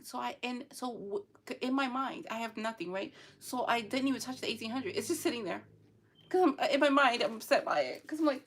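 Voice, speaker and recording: A woman's voice: fairly high pitch, a little fast, fairly bright tone. A young adult woman chatting casually in a rambling, emotional vlog, sometimes laughing through tears. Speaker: vlogger. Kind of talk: casual chat.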